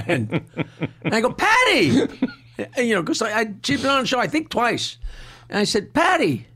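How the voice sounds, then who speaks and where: A man with a Long Island accent telling a rowdy anecdote, laughing through his punchlines and talking fast in bursts. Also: high voice, big pitch swings, a bit bright, husky. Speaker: comedian guest telling a story. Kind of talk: casual storytelling.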